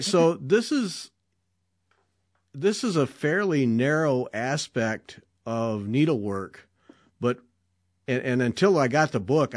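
A man's voice: medium pitch, dry recording, clean studio sound. A man hosting a needlework podcast, chatty and enthusiastic, joking with his guest. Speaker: podcast host. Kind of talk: casual interview chat.

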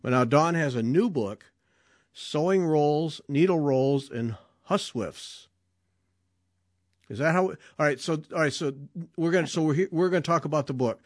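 A man's voice: fairly high pitch, animated, moderate pace, no room sound. Chatty male podcast host, dry sound. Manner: chatty, enthusiastic, joking. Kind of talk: casual interview chat.

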